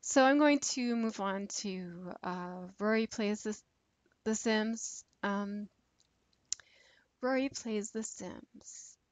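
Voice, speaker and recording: A woman's voice: medium pitch, slow pace, no echo. A woman chatting casually in a vlog, rambling and a bit nervous, with lots of fillers and restarts. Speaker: YouTube creator doing a tag video. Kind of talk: casual chat.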